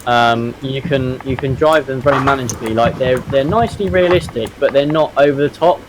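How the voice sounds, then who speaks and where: A man's voice: medium pitch, fairly quick, noisy background. A man on a live stream explaining things casually, with hesitant, loose phrasing and lots of fillers. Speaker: stream participant.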